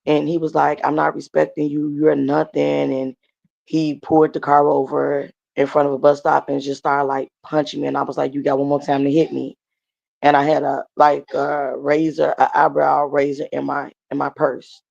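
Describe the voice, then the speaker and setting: A woman guest recounting her own story in conversation, in a halting, plain way. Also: sits low, completely flat delivery, vocal fry, darkish tone, muffled recording. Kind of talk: personal testimony in conversation.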